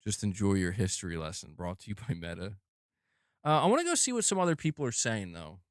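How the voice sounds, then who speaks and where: A man's voice: lowish voice, sing-song, fast, no room sound, studio quality. A man streaming live, commenting on gaming news in a casual, slang-heavy, profane way. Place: home room.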